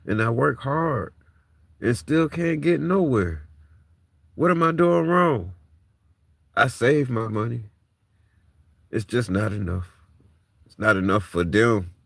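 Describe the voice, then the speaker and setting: A man's voice: mid-range voice, expressive, slow, gravelly, long pauses, no echo, clean studio sound. A man in his thirties venting raw frustration and distress to the camera, emotionally worn and on the edge of tears, swearing as he talks. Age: 30s. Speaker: vlogger.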